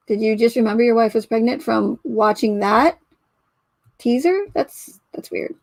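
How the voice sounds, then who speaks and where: A woman with a slightly high voice talks through a case in casual commentary. She sounds skeptical and questioning, often trailing off and starting her sentences over. The recording is dry and close, with no room sound. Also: unhurried, creaky, a little mellow, dry recording. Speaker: true crime commentator.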